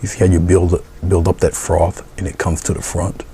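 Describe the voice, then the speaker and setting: A man teaching painting step by step, calm and encouraging, his words often trailing off into soft murmurs. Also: low-pitched, moderate pace, gravelly, a little hiss or hum. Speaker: painting instructor.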